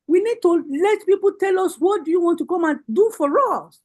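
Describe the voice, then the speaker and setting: A woman's voice: extremely high pitch, a little fast, a little mellow, low-quality recording. A Nigerian woman giving a rallying political speech over a video call, with repeated, impassioned calls to action. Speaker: party women's leader giving a speech.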